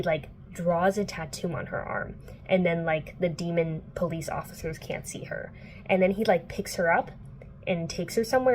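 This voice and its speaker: Speaking in a lowish, slightly mellow voice, a young woman book vlogger breezily walks through a plot from indoors. She's playful and talkative, leaning on fillers like "like" and plenty of profanity, over a faint hiss or hum.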